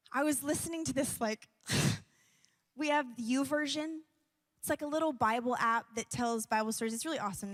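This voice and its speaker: A woman's voice: a little high, long reverb tail. A young woman worship leader giving a chatty, rambling church talk, laughing often and using many fillers. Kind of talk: sermon-like personal talk. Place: church event.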